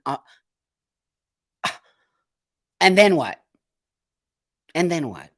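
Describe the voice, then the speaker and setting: Indignant man ranting on a livestream. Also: a little high. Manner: emphatic, repeats phrases for effect. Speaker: host of a live show. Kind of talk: livestream commentary, reading viewer comments.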